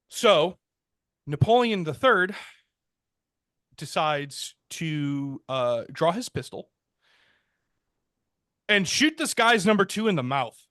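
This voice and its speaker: A man co-hosting a podcast, casually retelling a history story in a rambling, laid-back way, often saying "um" and "like" and jumping his pitch to act out the people in it. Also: sing-song, slow, pauses often, pushed and bright, dry recording, clean studio sound. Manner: acts out quoted characters with jumps in pitch. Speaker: podcast co-host.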